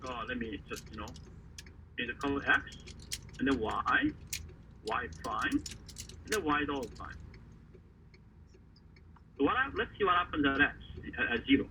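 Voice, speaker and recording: A man teaching a math lesson, talking haltingly with many fillers and quizzing the class. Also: mid-range voice, big pitch swings, recorded from a distance. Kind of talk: classroom lecture at a board. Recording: faraway voice over a tinny, noisy line.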